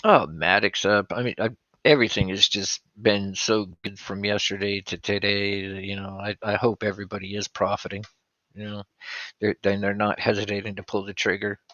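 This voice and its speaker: Upbeat man with a bright, dull-toned voice. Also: fairly low pitch, flat delivery, normal speed, no echo. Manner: upbeat, laughing, whooping. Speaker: co-host of trading stream. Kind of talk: casual live-stream chat.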